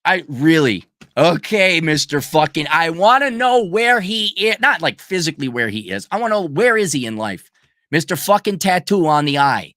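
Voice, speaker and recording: A middle-aged man ranting in a profane, mocking monologue, often mimicking people in a high falsetto. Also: big pitch swings, normal speed, bright, forceful tone, no echo, studio quality. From United States. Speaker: channel host.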